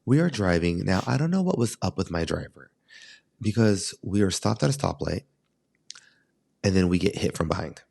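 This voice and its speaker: A man hosting a podcast, telling stories in a casual chat and jumping up in pitch when he acts out what people said. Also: moderate pace, creaky, slightly rough. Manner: animated, jumps high in pitch when acting out quotes. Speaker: podcast host.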